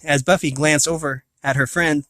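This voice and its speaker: A man's voice: a little high, steady tone, normal speed, a bit bright, no room sound. A man reading a novel aloud, often stumbling, restarting and correcting himself. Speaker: reader of a novel. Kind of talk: amateur audiobook reading.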